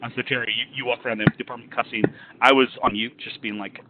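A man on a podcast telling a story of his own in casual chat, emphatic and animated as he describes getting worked up. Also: medium pitch, fast talker. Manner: animated, emphatic retelling of frustration. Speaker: podcast co-host. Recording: tinny phone line with faint noise.

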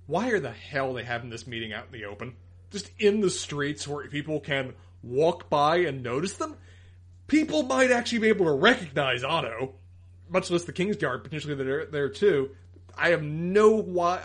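A man's voice: on the high side, fairly bright tone, breathy edge. A man co-hosting a podcast, working methodically through his complaints about an episode point by point. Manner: methodical, lists points, critical. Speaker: podcast co-host. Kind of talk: casual review chat, critique.

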